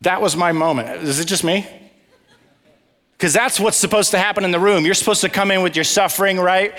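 A man with a fairly high voice preaches in a relaxed, storytelling way. He keeps turning to the audience with questions and dry asides. His voice rings with the long echo of a big hall. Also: brisk. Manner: animated, asks the audience questions, wry asides. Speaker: teacher of a Bible study. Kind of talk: conversational sermon with storytelling.

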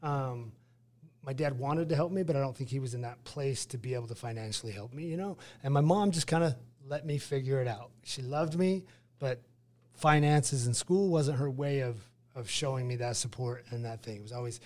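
A man's voice: medium pitch, normal speed. A man in his forties from Utah, a retired fighter telling his story as a guest in a casual interview, acting out the dialogue. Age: 40s. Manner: lively storyteller who acts out dialogue.

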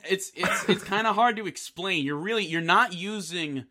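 A man's voice: high-pitched, moderate pace, pushed and bright. A laid-back man co-hosting a casual podcast chat. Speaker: podcast co-host.

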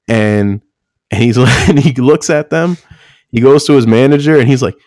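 A man's voice: a little high, animated, moderate pace, a little mellow, no room sound, studio quality. A man on a podcast telling stories in casual chat, swearing and laughing often. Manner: loose, profane, laughs often, acts out quotes.

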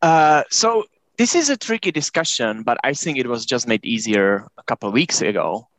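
A man's voice: mid-range voice, big pitch swings, moderate pace, a bit bright, no echo. Man explaining as a guest. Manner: hesitant, many fillers, plain explanations. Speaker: guest economist. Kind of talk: casual interview chat.

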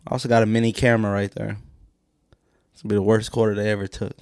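A man's voice: fairly low pitch, little pitch movement, very fast, darkish tone, clean tone, no echo, studio quality. A man co-hosting a casual podcast, cracking crude jokes and laughing a lot. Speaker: podcast co-host. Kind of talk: casual comedic banter.

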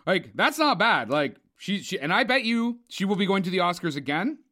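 A man's voice: sits high, very animated, fairly quick, pushed and bright. Opinionated man ranting about films. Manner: opinionated, profane, rambling. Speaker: podcast co-host, film reviewer. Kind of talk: casual movie review chat.

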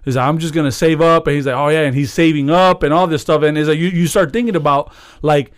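A man with a slightly high voice co-hosts a casual podcast. He tells a story with lots of energy and curses freely. He breaks into laughter as he goes. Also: quick pace. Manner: animated storyteller, profane, laughing often. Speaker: podcast co-host. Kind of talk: casual chat.

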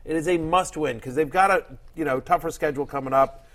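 A man with a fairly high voice hosts a casual sports chat, rambling, laughing and getting animated as he tells stories. His talk wanders and picks up speed when he gets excited. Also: quick pace. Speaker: fantasy football show host.

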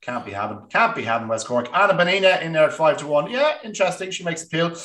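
A man's voice: fairly high pitch, expressive, fast, fairly bright tone, echoey room. A man hosting a casual horse racing tips podcast with jokey banter. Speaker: podcast host.

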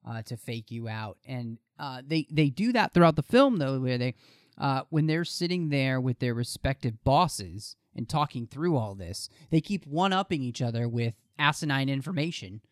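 A man co-hosting a casual film podcast, talking in an animated, jokey way with many restarts and fillers. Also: mid-range voice, moderate pace, no echo, studio quality. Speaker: podcast co-host.

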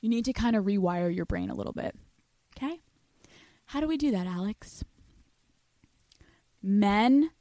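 Young woman podcast host, brash and foul-mouthed, medium pitch, dry close sound. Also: dry recording. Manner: blunt, profane, animated. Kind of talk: casual advice monologue.

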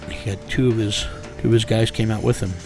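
A gravelly, deep-voiced man recounting a raid for an interviewer. He talks in a measured way and drops to a hushed, menacing murmur, with faint music underneath. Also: little pitch movement. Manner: low, measured storytelling that drops to a menacing hush. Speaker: interview guest. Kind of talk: recounting a war story.

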